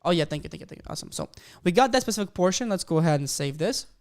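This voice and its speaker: Excitable man teaching a coding stream. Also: high-pitched, very fast. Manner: excitable, hypes the audience. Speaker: coding instructor.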